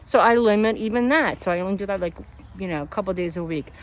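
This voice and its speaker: A woman's voice: mid-range voice, quick pace. A woman vlogger talking casually and venting, acting out what other people said to her. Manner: chatty, animated, acts out others' lines. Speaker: homestead vlogger.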